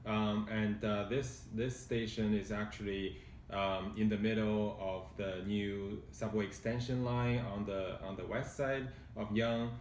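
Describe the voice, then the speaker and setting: A real estate agent with a measured, factual delivery, presenting a condo unit indoors. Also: male voice, on the low side, fairly even intonation, distant mic, a little hiss or hum. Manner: measured, factual, hesitant fillers. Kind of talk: informative property presentation. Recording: roomy sound from off-mic.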